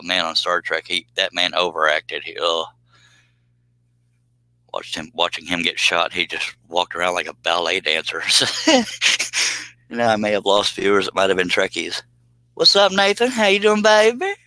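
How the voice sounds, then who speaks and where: A man's voice: deep voice, pushed and bright, no echo, poor audio. A middle-aged man chatting casually on a live stream, rambling in a folksy way and laughing often.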